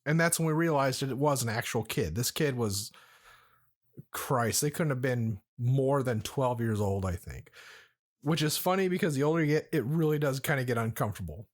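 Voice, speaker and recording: A man's voice: medium pitch, animated, normal speed. A man hosting a podcast, telling a story in a rambling, profane, laid-back way while drinking. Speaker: podcast host. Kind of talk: casual storytelling chat.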